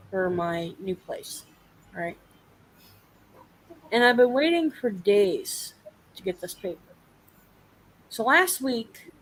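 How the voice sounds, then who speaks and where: On a rough recording, a young woman's medium-pitched voice carries a story through a casual live chat. Her telling is animated and full of profanity, and she performs the voices of the people she quotes.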